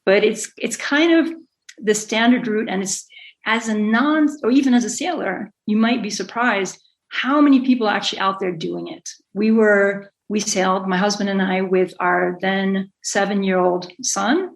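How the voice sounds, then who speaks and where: Gravelly-voiced woman sailor talking. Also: medium pitch, normal speed, low-quality recording. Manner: rambling, self-correcting, laughs often. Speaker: guest, sailor and author. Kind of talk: conversational interview.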